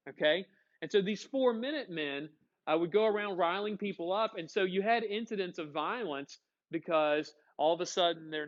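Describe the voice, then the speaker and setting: A man's voice: on the high side, muffled recording. A man teaching a history class, chatty and joking, often asking his students questions. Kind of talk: classroom lecture.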